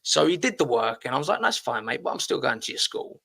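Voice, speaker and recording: A man's voice: medium pitch, very animated, fast, gravelly, pushed and bright. A middle-aged man hosting a casual podcast, blunt and swearing freely, often repeating his words. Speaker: podcast host.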